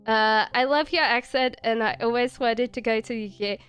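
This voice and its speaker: A woman's voice: a little high, moderate pace, fairly bright tone, clean tone, soft background music. A woman with an Australian accent blended with British, chatting casually on a live stream as a tarot reader, rambling and giggling with lots of fillers. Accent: Australian mixed with British.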